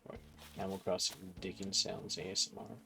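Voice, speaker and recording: Gravelly low-voiced man musing over gameplay. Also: brisk. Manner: relaxed, musing to himself while playing. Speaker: gaming channel host. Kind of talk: casual gameplay commentary.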